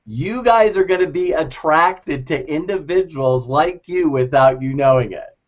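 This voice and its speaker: A man giving a lively, laughing motivational talk to a group, acting out quoted voices. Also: fairly high pitch, unhurried. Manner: animated, laughing often, acts out quoted voices. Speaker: motivational speaker. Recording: dull lo-fi recording.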